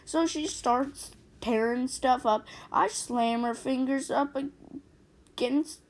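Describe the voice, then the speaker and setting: A woman telling a personal story in a casual storytime narration, animated and acting out the quotes. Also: high-pitched, takes it slowly, long pauses.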